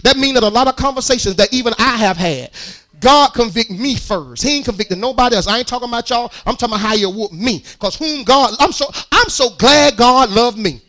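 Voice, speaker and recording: A man preaching a sermon in church, speaking. He talks to the congregation in a conversational, animated way and builds to loud, strained peaks. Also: very high voice, brisk. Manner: rises into shouted, strained peaks.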